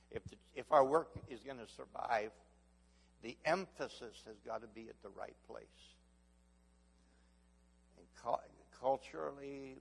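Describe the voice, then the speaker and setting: A man's voice: mid-range voice, gravelly, breathy edge. A male pastor delivering a sermon, calling out to the congregation and building to emphatic, rising peaks. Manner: call-and-response preaching with rising emphatic builds. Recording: long echo of a large hall.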